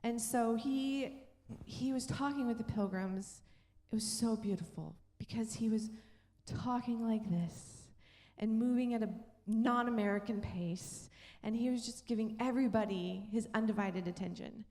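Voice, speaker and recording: A woman pastor tells a story from the pulpit, her voice sitting a little high and carrying a long church-hall reverb. She is middle-aged and animated, and she acts out the people in her story. She moves between quiet, intimate moments and lively retellings. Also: moderate pace. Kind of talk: sermon storytelling. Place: church sanctuary.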